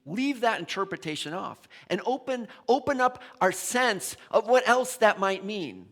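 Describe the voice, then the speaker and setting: A middle-aged man preaching a relaxed, conversational sermon. His fairly high voice swoops and dips widely as he tells the story. He often stumbles, doubles back and restarts his words. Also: unhurried. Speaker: minister.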